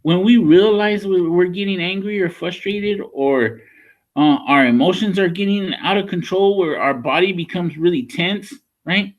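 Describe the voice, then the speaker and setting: A man's voice: high-pitched, normal speed. A man working as a school counselor, talking a class of children through a lesson in a conversational way and checking in often with "right?" and "okay?".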